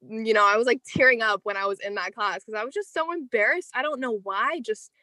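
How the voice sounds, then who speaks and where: A young woman in her teens, a guest in a casual interview, telling a personal story in an animated, chatty way with lots of "like.". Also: fairly high pitch, a little fast, dry recording.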